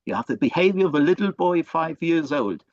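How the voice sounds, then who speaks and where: A man doing a smothering, condescending mother who chides in a mock French accent, her words sharp and belittling. The sound is dull and dry, like a lo-fi online recording. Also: fairly high pitch, expressive, fairly quick, vocal fry, no echo, pitched above the performer's own voice. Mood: scolding. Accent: put-on French accent, weakly done. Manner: chiding, condescending. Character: controlling, smothering middle-aged mother.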